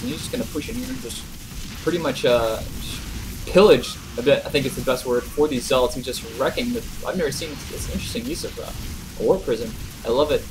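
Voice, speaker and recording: Guy casually casting a strategy game, chill and chatty, laughs a bunch, mid-pitched voice. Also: noisy background. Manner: relaxed and chatty, chuckles often, with filler "uh"s. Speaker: game caster. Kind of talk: casual video game commentary.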